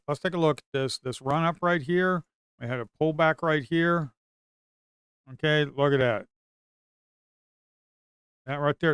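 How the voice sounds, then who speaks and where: Excitable rambling man, dry close mic. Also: medium pitch, smooth, dry recording. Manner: excitable, rambling, slangy, says "man" a lot. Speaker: futures trader and video host. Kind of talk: casual screen-share trading commentary.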